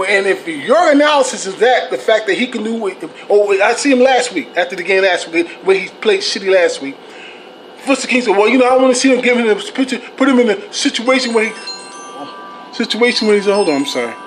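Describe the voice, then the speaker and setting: A man ranting about his team as a fan commentator, blunt and profane, scolding his viewers and turning animated at times. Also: on the high side, a little hiss or hum, rough recording. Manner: animated, swings to shouting. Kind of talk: heated fan rant.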